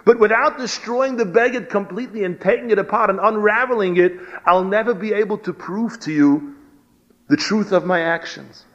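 A man's voice: high-pitched, normal speed, fairly bright tone. A man voicing a humble male tailor who earnestly pleads his innocence in a sermon parable. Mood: pleading. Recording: dull lo-fi recording.

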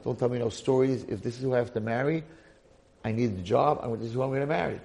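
A man's voice: mid-range voice, quick pace, vocal fry, a little mellow, close to an everyday voice. A man playing a pleading young kitchen slave.

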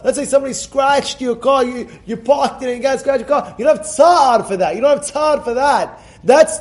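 High-voiced rabbi, animated and emphatic. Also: male voice. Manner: animated and emphatic, repeats words and phrases; swings from quiet storytelling to loud outbursts. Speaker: rabbi teaching a class. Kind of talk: informal Torah lesson.

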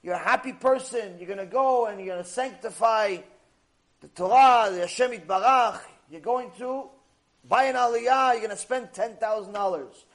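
A man's voice: high voice, moderate pace, fairly bright tone. A man teaching a Torah lecture, speaking emphatically with lots of rhetorical repetition.

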